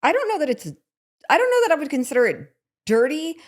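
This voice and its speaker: A woman co-hosting a casual podcast, chatty and animated, acting out little quotes as she talks. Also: high voice, quick pace. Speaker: podcast co-host.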